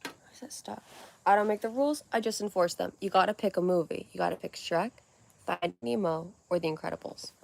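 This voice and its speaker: A woman's voice: on the low side, fairly quick, creaky, a little mellow. A young adult woman hosting a casual livestream at home, rambling from one topic to the next in a scattered way. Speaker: livestream host.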